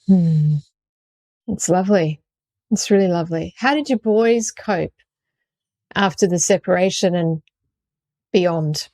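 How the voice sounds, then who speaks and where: Woman interviewer, low mellow voice, gentle and encouraging. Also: unhurried, long pauses, no echo. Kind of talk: interview questions and listening.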